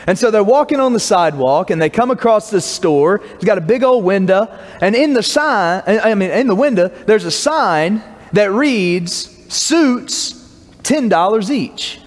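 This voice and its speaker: A man's voice: high voice, animated, normal speed, long reverb tail. A man, a pastor telling a joke and giving announcements in a folksy, casual way from the pulpit of a church. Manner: folksy, casual storytelling with filler words. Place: church sanctuary.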